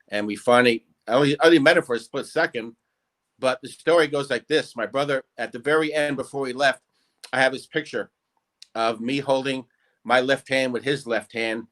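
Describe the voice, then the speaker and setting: A man's voice: medium pitch, fairly bright tone. Chatty laughing New York man. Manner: laughs often, loose rambling storyteller. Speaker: guest comedian and impressionist. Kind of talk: casual interview chat.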